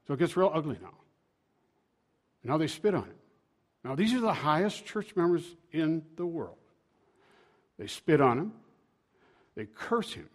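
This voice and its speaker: A man preaches a sermon, retelling scripture in a folksy, conversational manner with sharp swings between loud and quiet. His voice is on the high side.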